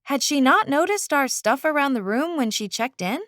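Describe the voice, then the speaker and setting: A woman narrating a first-person novel audiobook in an expressive, unhurried way. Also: high-pitched, dry recording, studio quality.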